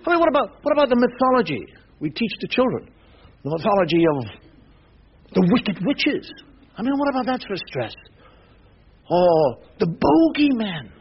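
An older man doing stand-up storytelling, acting out his parents' voices in animated, exasperated rants. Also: very high voice, brisk, long pauses, a little hiss or hum. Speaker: stand-up comedian. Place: theatre stage with audience. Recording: dull lo-fi live recording with loud audience.

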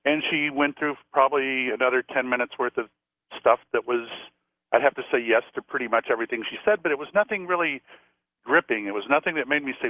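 A man from Florida, a psychic and former police officer, telling stories in a chatty, animated way as a radio guest. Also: mid-range voice, fast talker, no echo. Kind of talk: storytelling on a call-in radio show. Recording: tinny phone line.

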